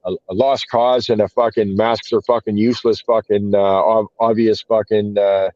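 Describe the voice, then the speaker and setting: A man's voice: fairly low pitch, level tone, normal speed, darkish tone, no room sound. A man in casual podcast chat, telling a rambling story full of swearing and filler words. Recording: dull, dry lo-fi podcast audio.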